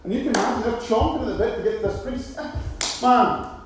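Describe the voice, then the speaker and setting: A man preaching a sermon, retelling a scripture story with animated, repetitive emphasis, recorded in a very echoey hall. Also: high-pitched, fairly quick, slight background noise.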